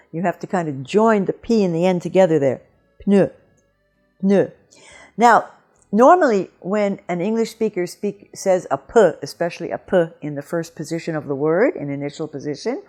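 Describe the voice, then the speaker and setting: Woman, pronunciation teacher, slightly low voice, patient, deliberate, repeats words to model sounds, faint music behind. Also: a little mellow. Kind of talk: video pronunciation lesson.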